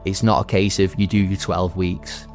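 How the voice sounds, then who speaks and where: A man in his thirties, a veteran and recovery centre graduate, gives earnest personal testimony in a halting way with many restarts. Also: low-pitched, flat delivery, darkish tone, faint music behind.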